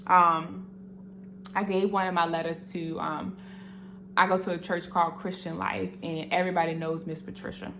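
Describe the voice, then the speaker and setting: A young woman giving a casual faith testimony to camera, earnest and animated, speaking straight to her viewers with emotion. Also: fairly low pitch, moderate pace, gravelly, background noise.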